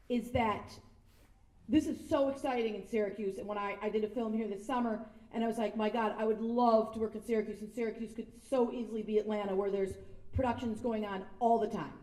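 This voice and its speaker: A woman's voice: a little high, mellow, distant mic. Chatty woman speaking in an echoey room. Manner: chatty, self-deprecating, acts out quotes. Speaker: guest speaker. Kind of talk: casual anecdotal speech. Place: sound stage event space.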